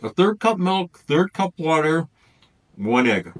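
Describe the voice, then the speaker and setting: Casual male food vlogger, lively up-and-down delivery, loose and rambling. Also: fairly high pitch, takes it slowly. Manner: rambling, thinks aloud between bites. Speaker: food reviewer. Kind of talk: casual taste-test vlog.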